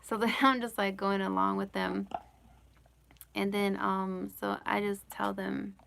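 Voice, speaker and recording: A woman hosts a casual live Q&A from home, answering chat questions in a rambling way full of "like" and "you know," giggling often. Her voice is medium-pitched, level, and a bit bright with some creak, and she speaks at a measured pace.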